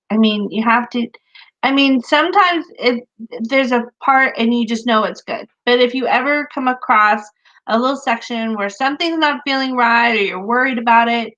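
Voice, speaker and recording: A chatty, animated woman in her thirties or forties, talking as a co-host with a slightly higher voice. She leans on fillers and laughs a lot. The recording sounds dull and lo-fi. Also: normal speed. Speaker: podcast co-host, author. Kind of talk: casual chat.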